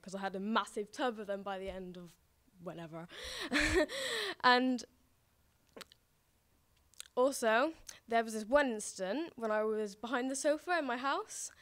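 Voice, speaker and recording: A woman's voice: mid-range voice, a bit bright. A young woman telling a personal story on stage, giggling often between phrases. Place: stage before a live audience.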